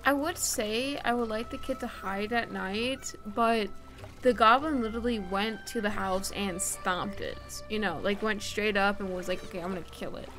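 A woman's voice: mid-range voice, moderate pace, a bit bright. A young woman streamer chatting and swearing casually as she plays a game and talks to its characters. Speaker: gaming streamer. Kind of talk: casual let's-play commentary. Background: game music.

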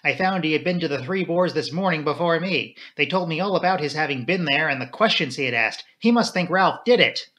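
A man's voice: on the high side, expressive, brisk, few pauses, bright, forceful tone. A man voicing a young woman who is earnest, resolute and defiant, in an audiobook reading. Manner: pleading, insistent.

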